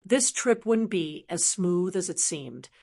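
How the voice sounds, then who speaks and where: A woman's voice: lowish voice, animated, slow, creaky, a little mellow, full character voice. A woman voicing a proud, stubborn young female star who speaks warily, in an audiobook. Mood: worried. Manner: stubborn and wary.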